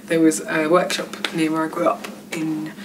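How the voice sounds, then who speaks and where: A woman's voice: low-pitched, completely flat delivery, normal speed. A woman from suburban London, chatting as a comedian guest in a casual, self-deprecating, giggly way. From London suburbs, England. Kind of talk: casual backstage interview. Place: backstage at a venue. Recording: distant mic with background noise.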